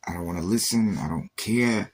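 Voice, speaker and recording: A man's voice: low voice, normal speed, breathy edge. A man on a livestream giving an intense, emotional faith testimony, repeating himself and acting out quoted exchanges.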